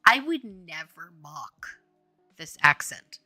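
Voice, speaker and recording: A young woman hosting a livestream and chatting casually. She is animated and giggly and gushes with enthusiasm. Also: deep voice, takes it slowly, slightly rough, dry recording, soft background music. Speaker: indie game developer and stream host.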